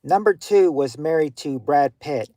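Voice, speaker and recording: A man hosting a casual livestream game night, giving clues to players in a halting way, full of ums and restarts. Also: a little high, animated, dark tone, dry recording. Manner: halting, hunts for words with many fillers; gives clues to players, talks to chat.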